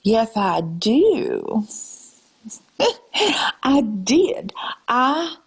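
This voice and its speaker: A woman puts on an exaggerated Southern US drawl for a lecturing live-stream rant, calling viewers ma'am and darling while she scolds them. Slow and husky, her slightly high voice swings widely in pitch and slips into breathy half-whispers. The recording sounds rough.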